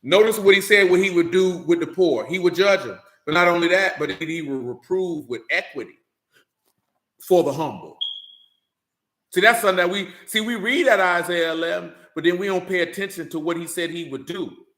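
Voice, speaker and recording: Man, preacher, bright voice, emphatic rhetorical sermon, roomy echo. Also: high-pitched, moderate pace. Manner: preachy, repeats "man" and "you understand", rising to emphatic. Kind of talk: sermon with scripture reading.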